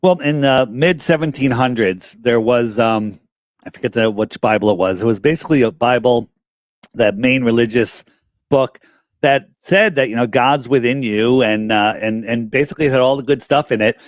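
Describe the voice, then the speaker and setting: Animated man telling stories on a podcast. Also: mid-range voice, normal speed, no room sound. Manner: animated storyteller, acts out quoted dialogue. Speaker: podcast guest. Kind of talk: casual podcast conversation.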